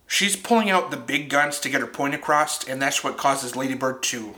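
Bright-voiced young man reviewing a film. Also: mid-range voice, a little fast, few pauses. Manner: chatty, animated, laughs at himself.

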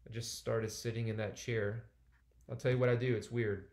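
A man's voice: medium pitch, little pitch movement, moderate pace, a little mellow. A man in his forties preaching a sermon, talking conversationally and driving points home with emphatic repetition. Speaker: pastor.

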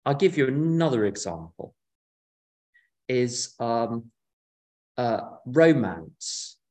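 A man's voice: medium pitch, very animated, slow pace, a little mellow. A man in his fifties, speaking from an office, who shares his own experience in a wry, reflective way with dry humorous asides. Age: 50s. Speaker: recovery meeting speaker. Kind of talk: personal talk sharing his experience.

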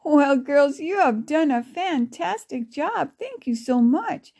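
A woman voicing a kindly grandmother who talks in a gentle, encouraging way. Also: high-pitched, animated, slow pace, pitched above the performer's own voice, exaggerated voice. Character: kindly, warm-hearted grandmother.

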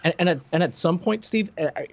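A man's voice: on the high side, fast, creaky. A man chatting casually as a podcast co-host, adding chuckling asides about the episode. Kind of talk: casual chat. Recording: dry, muffled mic.

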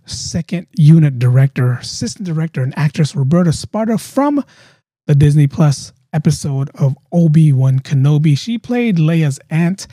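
A man's voice: on the high side, mellow, no room sound, clean studio sound. A man hosting a live podcast interview over a video call, upbeat and chatty, often repeating himself. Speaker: podcast host.

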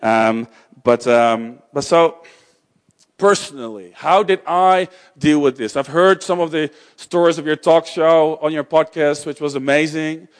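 A middle-aged man speaking to an audience about faith, in a loose, conversational way. His voice sits a little high for a man. He often restarts his sentences and drops in small jokes. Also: unhurried, clean tone. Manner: conversational, self-interrupting, joking asides. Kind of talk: talk on faith and suffering.

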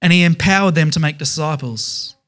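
A man's voice: a little high, brisk, a bit bright. A man preaching a sermon as pastor, emphatic, stressing words in repeated lists.

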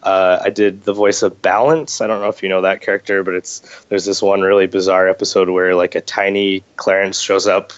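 Man, low voice, has a cold, chatty, self-deprecating, muffled lo-fi sound. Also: level tone, brisk, few pauses. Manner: chatty, self-deprecating, many fillers and restarts. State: a little under the weather with a cold. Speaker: voice actor guest. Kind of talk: casual interview chat.

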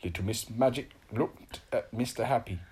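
A woman's voice: a bass voice, moderate pace, darkish tone, husky. A woman reading a children's story aloud in a playful, sing-song way.

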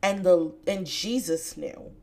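A woman hosting a podcast, talking about scripture in a casual, chatty way with bursts of excitement. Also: lowish voice, takes it slowly. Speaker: podcast host. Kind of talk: casual faith podcast talk.

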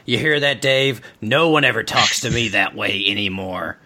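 A man voicing a flattered woman who turns sharply on her husband. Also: mid-range voice, normal speed, pitched above the performer's own voice. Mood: sassy.

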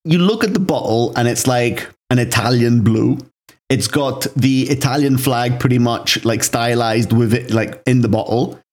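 A young man co-hosting a podcast, talking easily at a middle pitch. He tells his stories in a loose, chatty way and fills them with casual asides. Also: normal speed. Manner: relaxed storytelling, frequent "like" fillers. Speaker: podcast co-host. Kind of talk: casual chat.

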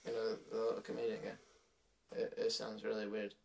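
A man's voice: lowish voice, monotone, a little fast, creaky, darkish tone. A teenage boy co-hosting a casual podcast chat, teasing and offhand. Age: teens. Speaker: podcast co-host.

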